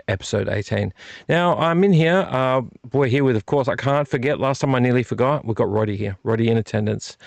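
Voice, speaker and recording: Gravelly, playful man hosting a home vlog. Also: mid-range voice, darkish tone, no echo. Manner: playful, repeats phrases, silly wordplay. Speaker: vlog host. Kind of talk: casual rambling chat to camera. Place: home room with fire on a TV and a heater. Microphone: desk microphone.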